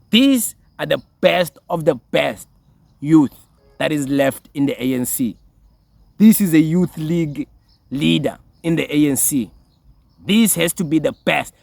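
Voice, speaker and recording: A man's voice: on the high side, expressive, measured pace, vocal fry, darkish tone, no room sound. A young South African man giving mocking political commentary, sarcastic and laughing, slipping into Zulu phrases. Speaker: commentary channel host.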